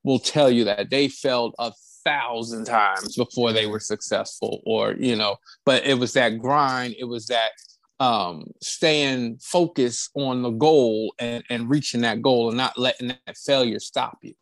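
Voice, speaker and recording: A man speaking in a casual podcast chat, earnest and motivational as he makes his points. His voice sits at a mid pitch. The sound is dry and close. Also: a little slow, a bit bright, no echo. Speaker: podcast co-host.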